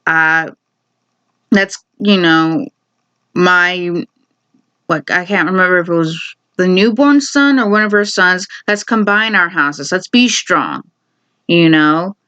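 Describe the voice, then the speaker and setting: A woman's voice: on the low side, bright, forceful tone, clear, resonant tone, muffled recording. Opinionated woman recapping a TV episode. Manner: opinionated, quick asides, quotes characters in paraphrase. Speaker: TV recap vlogger. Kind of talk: casual recap commentary.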